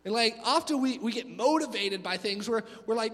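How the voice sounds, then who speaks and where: Male youth pastor, high voice, lively casual preaching, long hall echo. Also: brisk, few pauses. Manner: energetic, conversational, acts out voices. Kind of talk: youth sermon. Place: church hall.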